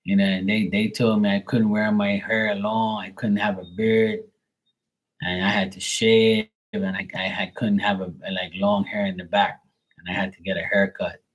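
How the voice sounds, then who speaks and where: A man in his late forties telling blunt, profane stories on a livestream, putting on higher, louder voices for the people he quotes. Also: steady tone, moderate pace, rough recording. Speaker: livestream tarot reader. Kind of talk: casual livestream storytelling.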